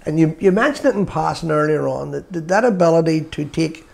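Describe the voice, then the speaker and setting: A man with a Belfast accent, hosting an interview and putting questions in a measured, halting way. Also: a little high, animated, gravelly, a little mellow. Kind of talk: conversational interview.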